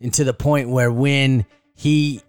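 A man co-hosting a casual podcast, joking and animated, swinging into playful voices. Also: medium pitch, slow, smooth, no room sound. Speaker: podcast co-host.

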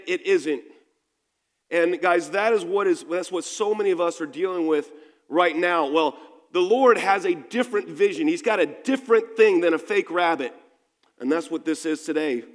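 A pastor with a high, fairly bright voice preaches a sermon in a church sanctuary, telling stories conversationally and restarting frequently. The recording carries the long reverb of a church hall.

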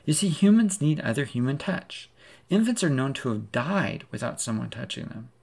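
Gravelly man preaching a dramatic sermon. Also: medium pitch, very animated, moderate pace, a little mellow. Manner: dramatic second-person storytelling.

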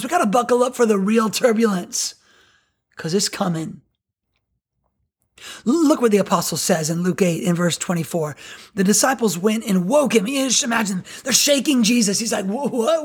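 A middle-aged woman pastor giving a sermon in a chatty, animated, self-deprecating way. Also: on the high side, moderate pace, slightly rough.

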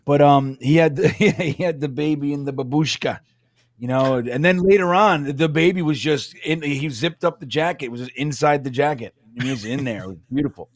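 A man co-hosts a casual podcast, rambling through his stories and acting out what people said. His voice sits a little high. The sound is dry and close to the mic. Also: moderate pace, dry recording. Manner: rambling storyteller, acts out quotes loudly. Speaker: podcast co-host.

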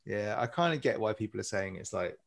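A man chatting on a gaming podcast, wry and self-mocking, with plenty of swearing. His voice sits low and has a gravelly fry. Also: expressive, a little fast. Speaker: podcast co-host. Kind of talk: casual chat.

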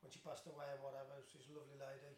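A man's voice: mid-range voice, completely flat delivery, very fast, reverberant, slight background noise. A middle-aged man, a former footballer telling stories in an unscripted interview, rambling and self-deprecating with lots of restarts. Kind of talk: unscripted chat.

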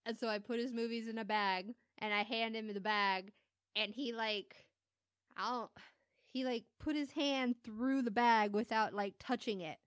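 A woman who is a mother, chatting casually as a podcast co-host, telling animated stories, laughing often and acting out what people said. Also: on the high side, unhurried, clear, resonant tone, no room sound, clean studio sound. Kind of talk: casual storytelling chat.

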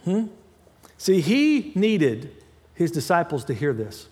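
Animated high-voiced male preacher in a reverberant hall. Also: slow pace. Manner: conversational preaching with asides and self-corrections. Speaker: pastor. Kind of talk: sermon.

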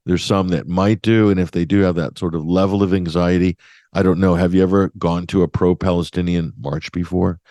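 Low-voiced radio host guy, sarcastic commentary, dead dry studio mic. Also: fairly even intonation, a little fast, warm tone, no echo. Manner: sardonic, emphatic, mocking asides. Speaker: radio talk show host.

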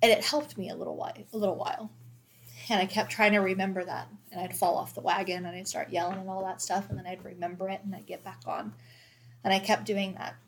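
A woman's voice: medium pitch, level tone, quick pace, slight background noise. A woman in her thirties, a mother of four, talking candidly and reflectively in a casual faith conversation, with many fillers.

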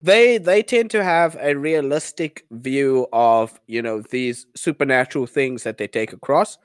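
A man's voice: medium pitch, measured pace, clear, resonant tone, no echo. A man co-hosting a podcast in casual chat, enthusiastic and gushing, laughing often. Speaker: podcast co-host.

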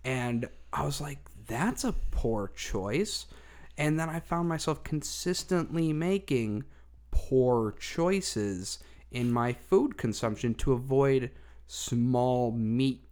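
A woman's voice: a bass voice, takes it slowly, dark tone, clear, resonant tone. A woman co-hosting a podcast, chatting casually, joking and swearing freely with rambling asides. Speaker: podcast co-host. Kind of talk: casual chat.

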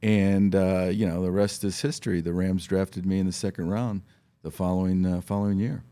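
A man in his fifties from Ohio, a studio guest telling animated stories on a talk show and acting out the voices he quotes. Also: low-pitched, normal speed. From Ohio, USA. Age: 50s. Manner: animated storyteller who acts out quoted voices. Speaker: studio guest, former football player. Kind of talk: casual talk show storytelling. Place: radio studio.

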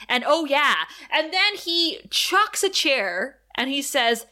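A woman co-hosting a podcast, casually recapping a TV episode with frequent laughs and quick acted-out quotes. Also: high-pitched. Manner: animated, laughs often, acts out quotes.

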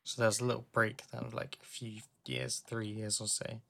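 Gravelly-voiced co-host with dry teasing. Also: mid-range voice, level tone, fairly quick, a bit bright. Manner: dry teasing, hesitant restarts. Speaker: podcast co-host. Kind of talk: casual chat about music.

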